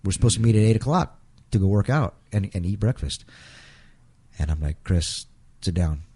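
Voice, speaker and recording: A middle-aged man as an interview guest, telling an emotional personal story in a halting way, repeating words and acting out quotes. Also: on the low side, animated, dark tone, slightly rough.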